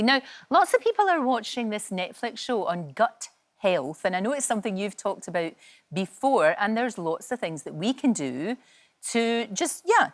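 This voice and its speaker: Older Scottish woman host, friendly and agreeable, with a lively, up-and-down intonation. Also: mid-range voice. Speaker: TV presenter. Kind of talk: morning show chat. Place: TV studio.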